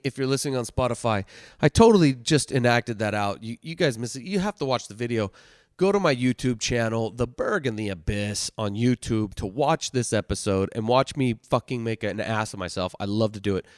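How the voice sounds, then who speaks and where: A man hosting a podcast, telling a story in a loose, heavily swearing way, swinging from loud bursts to hushed asides. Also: mid-range voice, lively intonation, fairly quick, no room sound, clean studio sound. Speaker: podcast host telling stories. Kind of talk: casual storytelling monologue.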